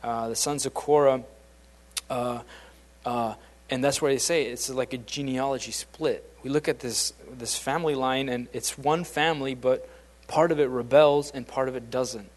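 An adult man past his late teens preaches an informal, conversational sermon in a steady, mid-range voice at a moderate pace. He often restarts his sentences and acts out the voices of those he quotes.

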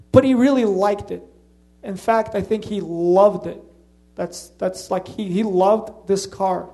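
Guy preaching a sermon, slavic accent, highish voice but mellow, earnest and chatty. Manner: earnest, repetitive restarts, conversational preaching.

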